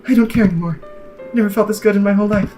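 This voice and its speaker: A man reading as Yuri, a hushed obsessive girl. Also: high voice, steady tone, very fast, faint music behind, close to an everyday voice. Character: soft-spoken, obsessive lovesick young woman. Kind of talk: reading game dialogue aloud.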